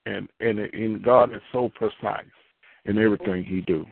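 A man's voice: on the low side, steady tone, normal speed, vocal fry, slightly rough, no echo. Preaching man on a tinny phone line. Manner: conversational, repeats phrases, rises into fervent prayer. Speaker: pastor. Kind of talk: preaching and prayer.

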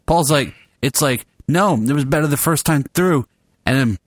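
A man's voice: on the high side, moderate pace. A man directing a comedy script read-through, teasing and swearing as he jokes with the cast. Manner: teasing, profane, laughing often. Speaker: director of a comedy audio play reading. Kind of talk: joking banter during a script read-through.

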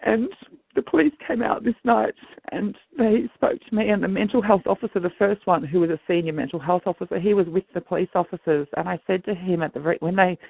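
A middle-aged Australian man, on as a guest, speaks fast in a high voice with a creaky, breathy edge, earnestly and anxiously rambling through his own story. The line is dry and tinny like a phone, with no room sound.

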